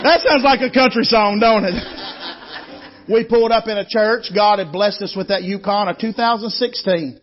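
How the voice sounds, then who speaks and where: In a lo-fi recording with soft music underneath, a high-pitched man preaches a Southern revival sermon as guest preacher at a moderate pace. His style is folksy storytelling, and he calls out to the congregation.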